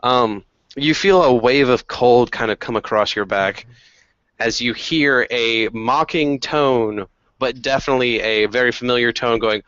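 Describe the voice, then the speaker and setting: A man's voice: mid-range voice, measured pace, a bit bright, clear, resonant tone, dry recording. A man narrating a tabletop game as dungeon master, loose and laughing, with goofy voices. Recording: muffled, dry home recording.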